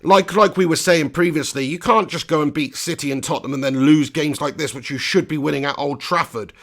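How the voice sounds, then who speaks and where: Watch-along host, raised pitch, gravelly edge, chatty, flares into excited calls. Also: male voice, fairly quick. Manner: chatty, bursts into excited play-by-play. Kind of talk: live commentary and chat reading.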